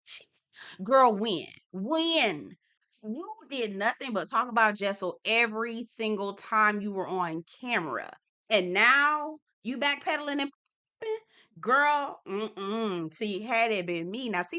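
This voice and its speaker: Young woman, TV recap host, bright forceful tone, gossipy and blunt. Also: mid-range voice. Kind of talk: casual commentary.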